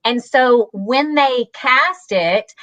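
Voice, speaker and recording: A woman with a Southern American accent, an animated storyteller chatting as a voice actor guest and acting out the quotes. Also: on the high side, extremely slow, dry recording. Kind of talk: casual chat.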